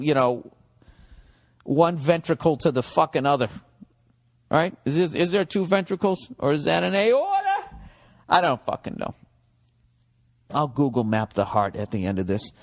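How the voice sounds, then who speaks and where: A man's voice: medium pitch, big-room sound. Man ranting profanely on a podcast. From United States. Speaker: comedian and podcast host. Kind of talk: comedic podcast monologue.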